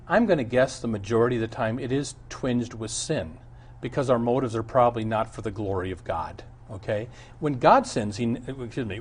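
Male pastor, earnest storyteller, middle-pitched voice, chuckles a lot. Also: breathy edge. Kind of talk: sermon and Bible Q&A.

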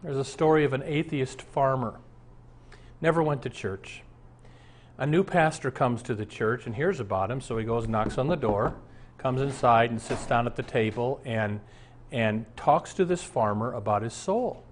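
A man's voice: mid-range voice, moderate pace, slight background noise. A man in his sixties, a pastor, preaching an earnest, conversational sermon full of rhetorical questions.

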